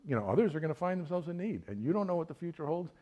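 A man preaching a sermon in a relaxed, conversational way, often asking his listeners direct questions. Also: fairly high pitch, very fast, dull audio.

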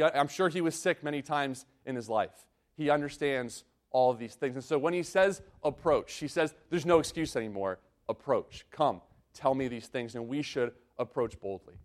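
A man preaching a sermon, reading scripture and explaining it in an earnest way, often repeating and restarting his phrases. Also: mid-range voice. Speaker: pastor.

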